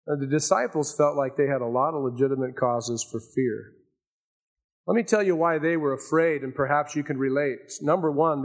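An older man preaching a sermon as pastor, swinging between raised emphasis and hushed asides. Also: medium pitch.

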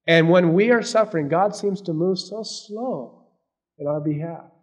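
A man preaching a sermon, swinging between loud emphasis and hushed asides. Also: high voice, measured pace. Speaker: pastor.

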